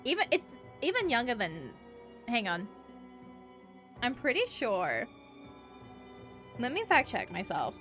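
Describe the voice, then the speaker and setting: A woman's voice: fairly high pitch, huge pitch swings, slow, pauses often, a bit bright, soft background music. A woman from Australia with an Americanized Australian accent, chatting casually on a game stream and rambling with lots of "like" and free swearing. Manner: rambling, many "like" fillers, swears freely. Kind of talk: casual live-stream chat.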